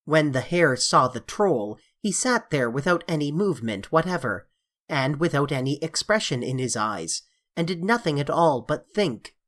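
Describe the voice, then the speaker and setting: Measured audiobook narrator reading fantasy. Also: mid-range voice, sing-song, a bit bright. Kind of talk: scripted narration of a classic fantasy novel.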